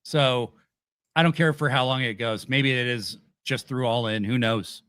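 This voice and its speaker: A man hosting a casual wrestling review chat, animated and swearing casually as he retells events. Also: medium pitch, normal speed, clear, resonant tone, no room sound, studio quality. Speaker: podcast host.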